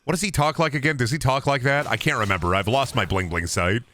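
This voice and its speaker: A young man giving loose, joking commentary while he plays a video game, rambling and swinging between loud outbursts and low mutters. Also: quick pace, a little hiss or hum. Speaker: gaming streamer. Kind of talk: casual gameplay commentary.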